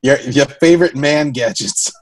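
A woman's voice: a bass voice, normal speed, dry recording. Laughing woman chatting about a movie. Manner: laughing, animated, playfully teasing. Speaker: podcast co-host. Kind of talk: casual movie review chat.

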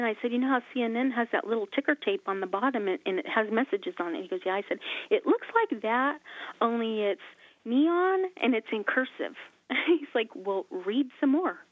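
A woman hosting a faith talk show, telling stories and acting out the dialogue in them. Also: medium pitch. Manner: animated, acts out quoted dialogue. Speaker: host. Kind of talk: casual faith conversation, storytelling. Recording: tinny phone-like line, dry.

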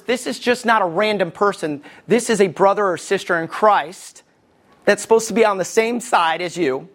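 A middle-aged man preaching a sermon as a pastor, folksy, with asides and jokes, swinging his pitch for emphasis.

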